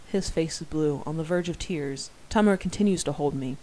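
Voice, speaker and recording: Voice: mid-range voice, fairly quick, few pauses, mellow, slight background noise, rough recording. A narrator reading a novel aloud in the first person, with wry, self-deprecating asides.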